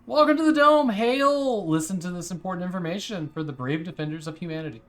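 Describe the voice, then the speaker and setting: An eager young woman recruiter with a shrill sales-pitch voice, as a man puts her on. She sounds high, loud and pushy, hailing passers-by in a game. Her delivery is bouncy and overexcited. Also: animated, fast. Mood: excited.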